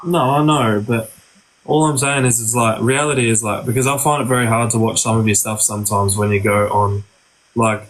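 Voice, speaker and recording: A man challenging another streamer calmly and hesitantly, filling his talk with "like". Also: mid-range voice, a little fast, poor audio. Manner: calm, hesitant, filler-heavy, says like a lot. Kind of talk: casual chat.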